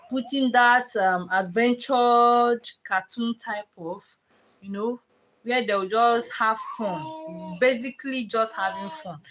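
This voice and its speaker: A woman's voice: fairly high pitch, background noise. A young mother chatting casually on a live stream about parenting. She rambles and restarts, with plenty of fillers, and breaks off now and then to scold her children. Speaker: parenting vlogger.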